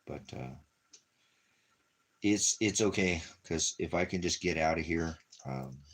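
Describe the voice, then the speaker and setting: A man's voice: rumbling low, steady tone, moderate pace, a bit bright. A man rambling in a casual monologue, talking affectionately to his dog and musing about money and leaving town. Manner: rambling, talks baby-talk to his dog in bursts. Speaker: ministry vlogger.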